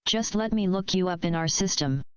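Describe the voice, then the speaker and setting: A woman's voice: on the low side, fairly quick, darkish tone, clean tone, dry recording, close to an everyday voice. A woman reading aloud, voicing a snooty hospital receptionist who speaks in a sickly sweet, uppity way. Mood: flustered.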